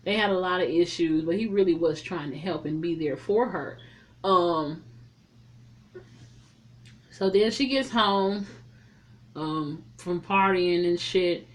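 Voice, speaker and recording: A woman recapping a movie in a casual, blunt and profane way, telling it as a lively story. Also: fairly low pitch. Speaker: movie reviewer.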